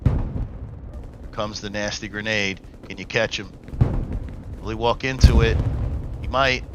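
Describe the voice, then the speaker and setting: A man's voice: on the low side, fairly even intonation, slow pace, lo-fi sound, over loud music. A man casting a live online war game, coaching the teams and bursting into hype calls. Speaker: esports caster. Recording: loud gunfire and artillery from the game behind. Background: game gunfire and explosions.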